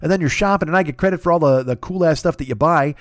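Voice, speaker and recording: A man's voice: fairly high pitch, fast talker, no room sound, studio quality. A middle-aged man hosting a comedy podcast, ranting casually in a sarcastic, profane and rambling way.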